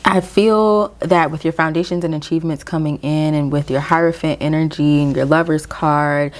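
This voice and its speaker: Here a tarot reader with a deep, fairly even-toned voice talks her viewers through a casual reading. Encouraging throughout, she often checks in with "okay?" while reading aloud from a guidebook at a slow, measured pace.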